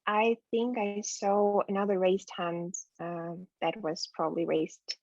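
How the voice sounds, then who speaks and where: A woman's voice: medium pitch, flat delivery, a little slow, darkish tone, no echo. A woman moderating an online Q&A, encouraging the audience to ask questions over a video call. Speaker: event moderator. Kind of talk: hosting an online Q&A. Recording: dull, dry video-call audio.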